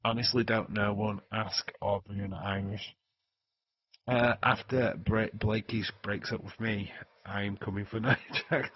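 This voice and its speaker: A Yorkshire man talks slowly in a low, husky voice as he jokes around with his stream chat. The audio is dull and dry, close to the mic. He swears freely. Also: little pitch movement, no room sound. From Yorkshire, England. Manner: joking, swearing, chatting to viewers. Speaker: wrestling stream host. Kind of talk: casual livestream chat.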